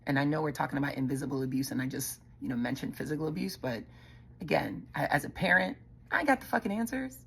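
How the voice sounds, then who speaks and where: A woman's voice: low voice, expressive, fast talker, creaky, breathy edge. A middle-aged woman hosting a show, telling a personal story in a blunt, profane, conversational way and speaking straight to her listeners. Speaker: podcast host.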